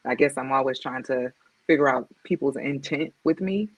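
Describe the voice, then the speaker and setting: On a podcast, a woman who is a guest author and motivational speaker talks candidly and reflectively, speaking directly and acting out the voices she quotes. Her bass voice moves at a normal speed with a breathy edge. The recording is dull, lo-fi and dry, with no room sound.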